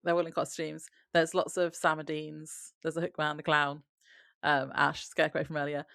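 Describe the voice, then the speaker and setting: Low creaky-voiced woman podcaster. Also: moderate pace, no room sound, clean studio sound. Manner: relaxed storytelling, frequent laughter. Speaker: podcast co-host. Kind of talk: casual chat recapping a TV episode.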